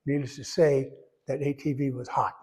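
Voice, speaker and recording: A man in his eighties giving a personal testimony in church, rambling and folksy, pausing when emotional. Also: medium pitch, flat delivery, warm tone. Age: 80s. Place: church sanctuary. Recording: echoey church hall.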